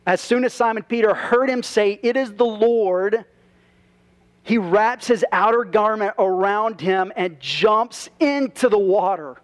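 A man's voice: high voice, a little slow. A man preaching a sermon to his congregation as pastor, conversational, with rhetorical questions and asides. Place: church.

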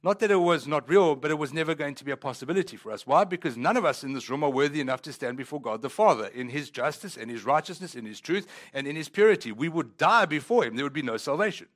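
A man's voice: a little high, a bit bright. A man pastor preaching a sermon in a church, talking conversationally and rising into emphatic swells.

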